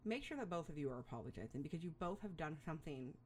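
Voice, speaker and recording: A woman's voice: low voice, expressive, very fast, darkish tone, a little hiss or hum. A middle-aged woman giving parenting advice in a casual monologue, rambling and chatty, with frequent fillers and small laughs.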